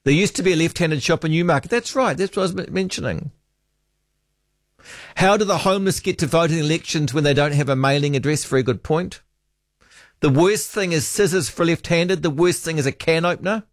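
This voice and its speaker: A New man hosts talkback radio in a fairly high voice, musing aloud and reading listener texts. He drifts between thoughts and trails off with ums. His studio mic sounds close and dry. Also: brisk, no room sound. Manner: rambling, hesitant, trails off with ums.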